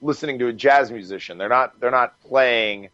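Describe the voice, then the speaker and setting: A man guest on a podcast, telling stories in a casual, animated way, swearing freely and laughing as he goes. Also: medium pitch, normal speed, dry recording, lo-fi sound. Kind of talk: casual storytelling.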